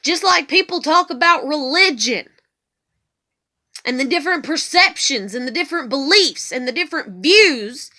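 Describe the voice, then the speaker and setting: A vlogger delivers an angry, emotional monologue, swearing heavily and hammering her points home through repetition. Her voice sits high with lively intonation and a sharp tone, at normal speed.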